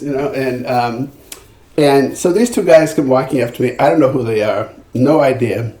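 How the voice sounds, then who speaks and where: An older male singer-songwriter telling anecdotes in a podcast interview, animated, acting out quotes and often restarting his sentences. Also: mid-range voice, moderate pace. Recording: roomy echo.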